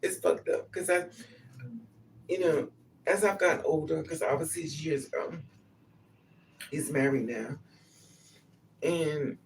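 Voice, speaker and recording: A woman's voice: low-pitched, a little slow, pauses often, far from the mic, a little hiss or hum. A woman vlogger telling a personal story in a blunt, profane, casual way, laughing between lines.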